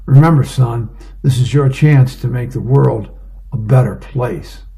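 A man's voice: mid-range voice, measured pace, creaky, warm tone. A man doing a self-serving office boss. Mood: rousing.

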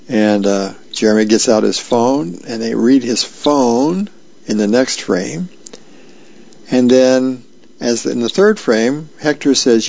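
A man volunteer reader reading comic strips and birthdays aloud in a slow, unhurried way with small fillers and restarts. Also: mid-range voice, lively intonation, vocal fry, darkish tone, no room sound, muffled recording.

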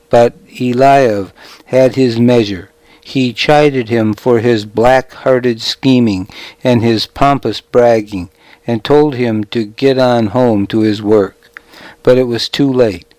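A man reading a novel aloud as narrator, with measured, deliberate storytelling. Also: medium pitch, darkish tone, dry recording, low-quality recording. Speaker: audiobook narrator. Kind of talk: scripted narration.

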